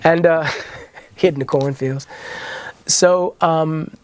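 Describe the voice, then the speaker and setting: A man's voice: fairly high pitch, slow. A middle-aged man, a guest in a candid interview, telling his life story and acting out the voices of family members. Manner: animated, acts out family voices and quotes.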